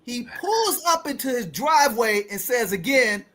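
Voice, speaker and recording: A woman's voice: fairly high pitch, lively intonation, normal speed. A woman in her fifties hosting a podcast, telling a story dramatically and calling out to the audience. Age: 50s. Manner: dramatic, addresses listeners as ladies and gentlemen. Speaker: show host.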